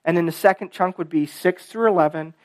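A man's voice: fairly high pitch, fairly quick, no echo. A man preaching a sermon in a casual, conversational way, full of "kind of" and "right?", who reads scripture aloud with rising emphasis.

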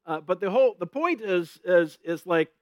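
A man's voice: high-pitched, animated, moderate pace, no room sound, lo-fi sound. A man giving a conversational Bible teaching, telling stories with gusto and often checking in with "right?". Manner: chatty, keeps asking "right?", retells stories with gusto; laughs at his own stories.

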